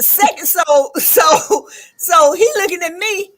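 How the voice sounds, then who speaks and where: A woman in her fifties telling a lively story in casual chat, laughing and acting out the people she quotes. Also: extremely high pitch, measured pace.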